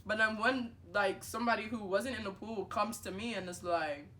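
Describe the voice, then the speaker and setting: A young woman spins a casual storytime for her viewers, heavy with fillers. She keeps jumping into little acted-out exchanges and talks with lively energy. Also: mid-range voice, moderate pace, a little hiss or hum. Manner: animated, filler-heavy, acts out dialogue. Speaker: vlogger.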